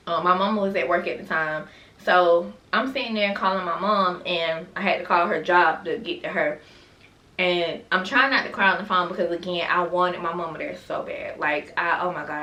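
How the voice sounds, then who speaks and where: A woman's voice: lowish voice, fairly bright tone. A woman telling her own birth story in a casual vlog, chatty and full of asides to her viewers. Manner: chatty, talks straight to viewers with frequent asides. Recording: roomy sound from a distance.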